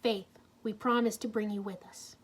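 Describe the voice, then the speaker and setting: Woman doing a calm wise old master man, slow and dignified. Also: medium pitch, natural voice.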